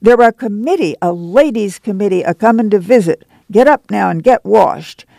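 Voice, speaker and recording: A man reading an audiobook, voicing a weary, practical farm mother with a rural drawl and brisk commands. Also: high-pitched, creaky, warm tone, no echo, heavily acted. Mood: urgent.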